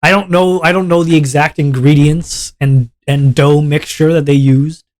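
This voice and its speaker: A young man from Canada holds forth on his livestream in a loose, exasperated rant, cursing freely and laughing along as he goes. His voice sits a little higher than most men's. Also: normal speed. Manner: animated, exasperated ranting with swearing and laughter. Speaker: streamer.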